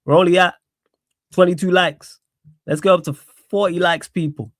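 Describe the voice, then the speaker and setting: Young male streamer, slightly high, dry close sound, blunt and sarcastic, repeats himself for emphasis. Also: steady tone, normal speed, dry recording. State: tired. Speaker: streamer host. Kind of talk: solo live-stream sports Q&A.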